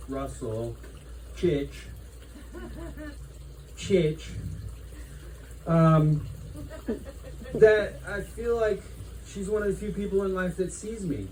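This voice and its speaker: Man, memorial officiant, slow meditative delivery, mellow tone, faint noise. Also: fairly high pitch, recorded from a distance, poor audio. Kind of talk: guided reflection. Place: memorial gathering.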